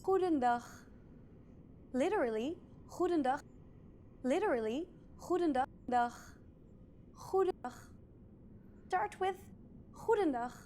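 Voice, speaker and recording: A woman giving a scripted language lesson, pronouncing words clearly and brightly. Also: high voice, expressive. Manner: clear, upbeat, deliberate pronunciation. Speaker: language teacher.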